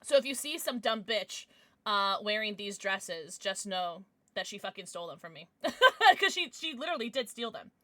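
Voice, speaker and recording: Bright-voiced woman streamer, rambling and swearing. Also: medium pitch, dry recording. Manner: rambling, swears freely, restarts often. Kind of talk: casual livestream chat.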